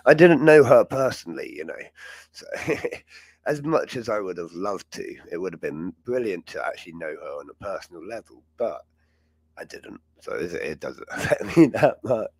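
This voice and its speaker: A man's voice: fairly low pitch, big pitch swings, normal speed, slightly rough, no room sound. A man hosting a live chat show, talking in a rambling, chatty way and laughing often. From England. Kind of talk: casual live-stream chat.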